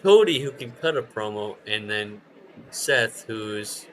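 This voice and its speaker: Speaking slowly in a lowish voice, a podcast co-host tells stories in a casual wrestling chat, with slight background noise on a rough recording. He swears a lot and acts out quoted lines with animated energy.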